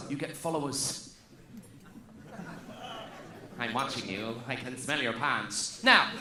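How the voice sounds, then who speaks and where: A man's voice: high-pitched, pushed and bright, reverberant. A man from Luton with a southeast English accent doing a cheeky, playful stand-up set and calling out to the crowd. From Luton, England. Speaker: stand-up comedian. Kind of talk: stand-up routine. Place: large stadium conference venue.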